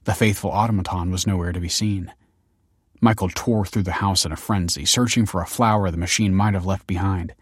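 A man reading a story aloud in measured, scripted audiobook narration. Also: low-pitched, steady tone, breathy edge, dry recording, clean studio sound.

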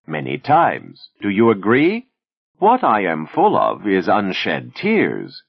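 A man voicing a wry, defiant Soviet woman poet who speaks in a dry, ironic, measured way at a reading. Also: on the low side, huge pitch swings, vocal fry, breathy edge, exaggerated voice. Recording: dull lo-fi recording.

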